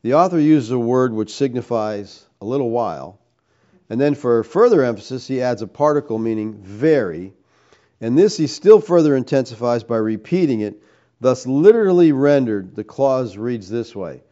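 Emphatic preacher man, mellow voice. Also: mid-range voice, animated, normal speed, muffled recording. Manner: emphatic, rhetorical questions, tags "all right?". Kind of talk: sermon teaching.

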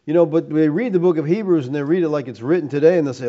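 A man's voice: fairly high pitch, fast, mellow, dull audio. A man preaching a teaching sermon, emphatic, firing rhetorical questions and tagging points with "all right?".

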